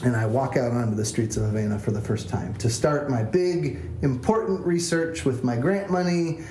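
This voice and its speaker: A man's voice: mid-range voice, normal speed, mellow, slight background noise. A man, a pastor, telling a self-deprecating story as a sermon in a church. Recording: echoey church room.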